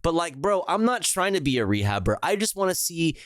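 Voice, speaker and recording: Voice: medium pitch, big pitch swings, a little fast, no echo, studio quality. A streamer reacting to a video in casual commentary, gushing over cute animals, swearing casually and saying "bro" a lot.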